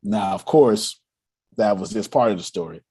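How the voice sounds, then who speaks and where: A man leading a motivational meeting on money and cash flow, animated and laughing as he acts out quotes. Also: on the low side, normal speed, husky. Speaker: finance coach leading a meeting. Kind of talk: motivational talk.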